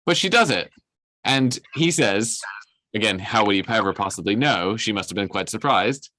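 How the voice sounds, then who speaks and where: Low-voiced man teaching informally. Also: lively intonation, normal speed, sharp tone, no echo. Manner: conversational, asks "right?" often, acts out the characters' lines. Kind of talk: informal lesson retelling a story.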